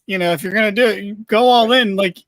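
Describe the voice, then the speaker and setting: A man's voice: high voice, fast, fairly bright tone, no room sound. A man co-hosting a podcast, chatting casually with enthusiastic opinions and frequent swearing. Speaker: podcast co-host.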